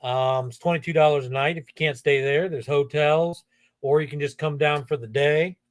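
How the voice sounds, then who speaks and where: Middle-aged male livestream host, chatty and jokey, slightly high voice, dry close sound. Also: fairly even intonation, normal speed, no echo. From Ohio. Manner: chatty, jokey, greets viewers by name. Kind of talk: casual livestream chat, reading comments aloud.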